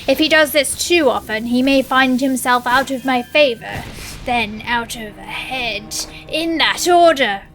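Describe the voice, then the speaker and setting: A woman's voice: high voice, measured pace, a bit bright, soft background music, poor audio. A woman voicing a cruel, mocking male orc overseer, delivering clipped, sneering threats.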